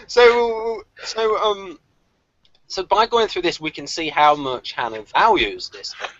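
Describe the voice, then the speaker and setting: A man hosting a casual online group discussion, talking in a lively, animated way and laughing often. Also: sits high, slow pace, slight background noise. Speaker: discussion host. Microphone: video call. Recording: dull lo-fi call audio.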